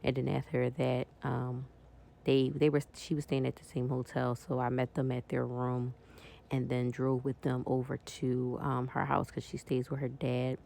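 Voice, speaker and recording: A woman talks her viewers through her weekend as she decorates a planner, in a relaxed, friendly, chatty way. Her voice is warm and mellow, with a gravelly fry under it. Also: a bass voice, moderate pace. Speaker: planner vlogger. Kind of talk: casual chat while decorating a planner.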